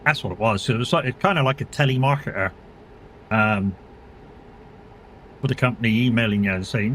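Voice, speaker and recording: A man's voice: mid-range voice, brisk, pauses often, fairly bright tone, slight background noise. A man streaming a driving game and chatting casually, rambling through stories and acting out the people he quotes. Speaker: gaming streamer. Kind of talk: casual live-stream chat while playing.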